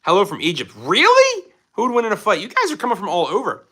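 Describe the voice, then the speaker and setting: Young man, live stream host, jokey, lively pitch, sharp bright tone. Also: very fast. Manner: joking, excitable, answers chat questions. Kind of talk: casual live stream chat. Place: at home.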